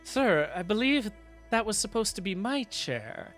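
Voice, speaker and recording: A man's voice: sits high, very animated, unhurried, a bit bright, faint music behind, voice pushed up, full character voice. Man doing a stiff, grudging champion. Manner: strained politeness.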